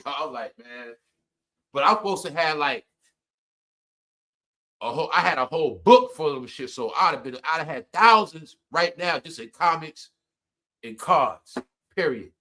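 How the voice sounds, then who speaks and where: A middle-aged man hosts a casual live stream and tells stories about his family. His voice sits high for a man and sounds bright and sharp. He chuckles through his lines and swings between loud bursts and low mutters. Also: lively intonation, normal speed. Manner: laughs often while telling stories. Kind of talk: casual storytelling to viewers.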